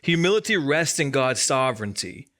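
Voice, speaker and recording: A man's voice: mid-range voice, very animated, normal speed, a bit bright. A man giving a sermon as a church's student ministry coordinator, conversational and emphatic, repeating key lines and adding light humor.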